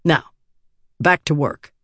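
A man's voice: takes it slowly, fairly bright tone, no echo, clean studio sound. A man reading an audiobook, voicing a weary, cynical middle-aged intelligence boss who is sardonic and swears freely. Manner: sardonic and exasperated, with crude language.

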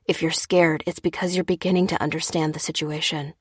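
A woman's voice: deep voice, little pitch movement, brisk, husky, dry recording, studio quality. A woman reading the lines of a tense adult man, clipped and insistent, in a storybook reading. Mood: urgent.

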